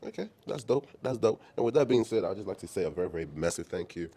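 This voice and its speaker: A man's voice: fairly low pitch, expressive, fast talker, warm tone. A man hosting a podcast, laid-back and teasing, with casual slangy talk. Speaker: podcast host.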